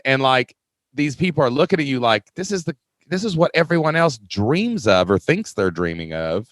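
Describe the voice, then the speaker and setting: A man hosting a podcast, enthusiastic and quick to laugh, who peppers his talk with "man" and "dude.". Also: on the high side, very animated, fairly bright tone, no room sound, studio quality. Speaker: podcast host, former school teacher. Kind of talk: podcast interview, casual chat.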